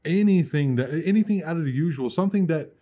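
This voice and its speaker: A man co-hosting a casual podcast chat, joking and teasing his co-host and quick to laugh. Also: on the high side, animated, warm tone.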